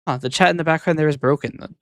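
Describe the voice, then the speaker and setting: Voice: mid-range voice, very fast, a bit bright, no room sound, studio quality. A VTuber streamer chatting casually on a live stream, rambling and hesitant, often muttering to themself.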